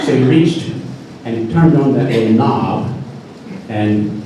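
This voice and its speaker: A man's voice: mid-range voice, slow pace, long pauses, a crowd in the background. An older man telling a personal story on a live stage with dry, folksy humor. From North Carolina. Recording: echoey hall from far off.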